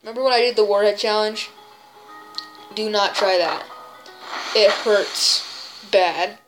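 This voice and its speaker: Woman gamer, silly put-on voice, unhurried commentary with loud exclamations over game music. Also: medium pitch. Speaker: gaming video creator. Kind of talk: gameplay commentary.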